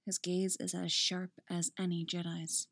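A woman reading a fan fiction story aloud as narrator, steady and expressive. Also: on the low side, a little slow, vocal fry, husky, no room sound.

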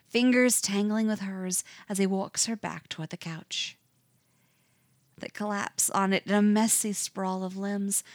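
A woman narrates a romance story slowly and intimately, lingering over each line. Her voice sits at a middle pitch, and the recording is dry and close with no room sound. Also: no echo. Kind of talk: reading fan fiction aloud.

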